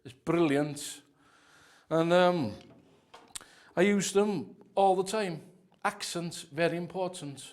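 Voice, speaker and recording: A man giving a comic drum masterclass as an earnest, deadpan instructor who rambles and often drops into quiet asides. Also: high-pitched, slow, pauses often.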